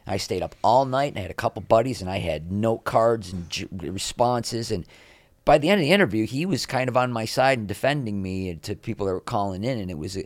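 A man's voice: fairly low pitch, no room sound. A middle-aged man, an interview guest, telling candid, rambling, self-deprecating stories and acting out the people he quotes. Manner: rambling, self-deprecating, animated when quoting others.

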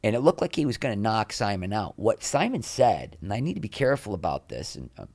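As an interview guest, a man shares candid backstage stories, rambling, restarting frequently, and launching into raised voices to play the people he quotes. He's very animated and fast, with a fairly low, darkish voice and no room sound.

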